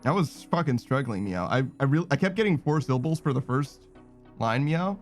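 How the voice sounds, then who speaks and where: A man streaming a video game talks in a loose, casual way, cursing freely and reading viewer messages aloud. He keeps tacking a playful meow onto his phrases. Faint music plays quietly under his voice. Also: lively intonation, moderate pace. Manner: swearing, saying meow after phrases, reading chat aloud; frustrated outbursts in a raised, higher voice. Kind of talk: casual gaming stream commentary.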